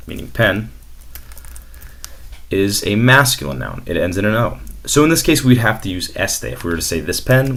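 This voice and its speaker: A man's voice: deep voice, a bit bright, slight background noise. A young man explaining a language lesson in a casual, explanatory way, with fillers. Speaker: Spanish teacher. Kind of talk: screen-recorded language lesson.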